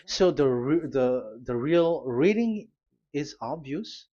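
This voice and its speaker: A man preaches while teaching at a board, his delivery slow and deliberate. He pauses often, fills gaps with fillers and restarts, and spells out letters one by one. The recording sounds dull and lo-fi. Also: a little high, lively intonation, dark tone.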